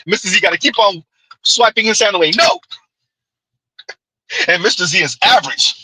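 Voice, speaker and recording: A man's voice: high voice, normal speed, long pauses, sharp tone, breathy edge, dry recording, rough recording. A man giving a ranting commentary vlog, blunt and preachy, with sarcastic laughs and rhetorical asides. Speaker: commentary vlogger.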